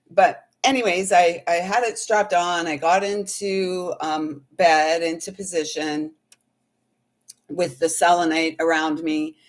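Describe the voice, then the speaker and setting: Slow, low-voiced woman sharing a spiritual story. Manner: meandering, earnest, speaks of feelings. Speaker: intuitive healer and reader.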